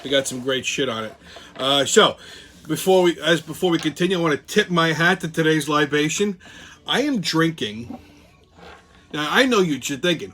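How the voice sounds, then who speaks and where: A man with a Brooklyn accent hosts a casual vlog, brash and joking, and he swears freely. His voice sits a bit high and sounds bright and forceful. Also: animated, moderate pace, a little hiss or hum. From New York. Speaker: channel host.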